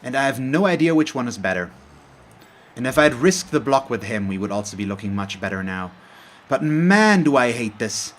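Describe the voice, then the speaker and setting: A man's voice: medium pitch, sing-song, moderate pace. A man commentating his own game as host of a let's play, talking in a frustrated, openly salty way with frequent sighs. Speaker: gaming channel host.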